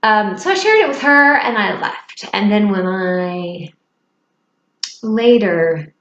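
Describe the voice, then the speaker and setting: A woman telling a personal story to the camera in a reflective, halting way, with hesitant fillers and soft laughs. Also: mid-range voice, lively intonation, roomy sound, dull audio. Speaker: vlogger. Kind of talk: personal confessional vlog.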